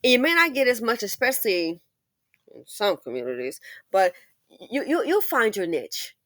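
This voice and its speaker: A woman's voice: a little high, very animated, normal speed, fairly bright tone, no room sound. A woman hosting a commentary monologue, emphatic and preachy, repeating her points for force. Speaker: commentary channel host.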